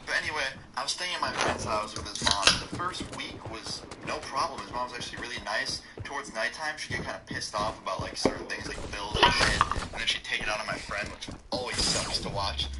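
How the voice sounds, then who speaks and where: Fast-talking young man telling a story. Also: lowish voice. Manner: rambling, profane, filler-heavy with lots of "like". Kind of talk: casual storytime narration. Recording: loud background noise.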